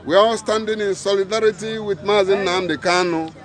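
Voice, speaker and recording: A man's voice: high voice, fairly even intonation, brisk. A man giving a rally speech outdoors, preaching with rhetorical questions and calls to action. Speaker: protest speaker. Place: outdoor street protest. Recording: loud crowd outdoors. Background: crowd.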